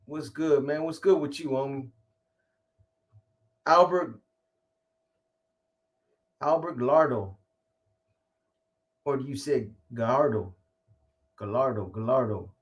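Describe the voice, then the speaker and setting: A man's voice: a little high, slow, pauses often. A middle-aged man hosting a casual live stream, rambling and profane, greeting viewers by name in street slang. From California.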